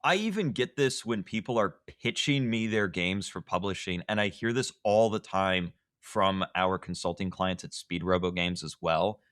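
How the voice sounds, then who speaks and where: A man's voice: low-pitched, lively intonation, moderate pace, hardly any pauses, fairly bright tone, no echo, clean studio sound. A man co-hosting a podcast about card games, talking in a sarcastic, emphatic casual rant. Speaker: podcast co-host, game publisher. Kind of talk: casual ranting chat.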